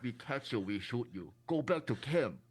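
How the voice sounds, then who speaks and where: A man putting on a gruff armored soldier with a Chinese accent. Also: medium pitch, animated, moderate pace. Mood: barking, threatening. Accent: put-on Chinese accent. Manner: clipped broken-English commands. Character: gruff armored male soldier barking orders.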